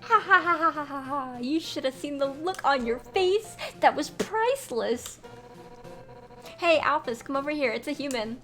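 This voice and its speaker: A brash, boisterous female fish warrior, as a woman puts her on, shouting and teasing, pitched up high over her usual voice. She sounds loud and pushy, like a tough game character. Music plays clearly underneath. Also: animated, measured pace. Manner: shouty, boisterous, calls people punk. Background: background music.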